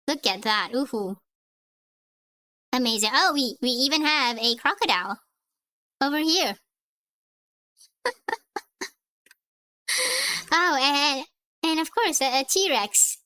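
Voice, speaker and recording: A woman's voice: sits high, pushed and bright, no room sound. A woman streamer reading a comic aloud on stream, chatting and giggling between panels.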